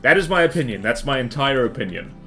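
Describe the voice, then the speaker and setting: A man's voice: mid-range voice, very animated, fast, gravelly, a bit bright, faint music behind. A man streaming a strategy game live, chatting with his viewers and reacting to the battles on screen as he rambles through his opinions.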